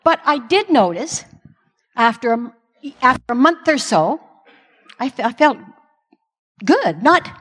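Middle-aged woman sharing a self-mocking testimony, hall echo. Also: a little high. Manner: candid, self-mocking, animated storyteller. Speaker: pastor's wife speaking to a congregation. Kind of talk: personal testimony talk. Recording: long hall reverb.

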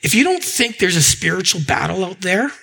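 A middle-aged man preaching a sermon, telling stories in an animated way and often stammering into repeated words. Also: high-pitched, brisk, creaky, breathy edge, low-quality recording. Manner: animated storytelling, acting out quoted voices, frequent stammered repeats. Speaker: pastor.

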